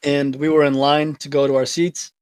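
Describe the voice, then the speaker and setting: A man's voice: fairly high pitch, flat delivery, normal speed, darkish tone, clear, resonant tone, dry recording. A man with a Boston accent from Revere, co-hosting a casual podcast chat and telling stories with some swearing. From Revere, Massachusetts. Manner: swears freely, tells stories. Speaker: podcast co-host.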